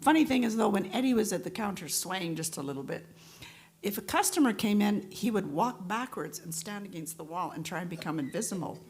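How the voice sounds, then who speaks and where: A woman's voice: medium pitch, fairly quick, a little hiss or hum. A woman, a singer, telling a story between songs at a live event and acting out the voices of the people in it. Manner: lively anecdotal, acts out quoted voices.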